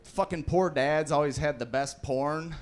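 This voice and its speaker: A man's voice: fairly high pitch, measured pace, clear, resonant tone. A man in his thirties doing a casual stand-up set on a club stage, swearing freely and acting out the voices of the people in his stories. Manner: casual, swearing, acts out quotes. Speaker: stand-up comedian. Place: comedy club stage with live audience.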